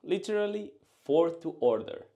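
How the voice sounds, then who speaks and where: A man teaching a language lesson, drilling short phrases and answers in a slow, carefully enunciated way. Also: on the high side, expressive, gravelly, mellow.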